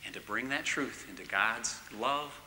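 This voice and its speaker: A middle-aged man giving a church teaching talk, swinging from loud emphatic bursts to hushed near-whispers. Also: medium pitch, a little slow, background noise. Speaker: marriage course speaker. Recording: long reverb in a large hall.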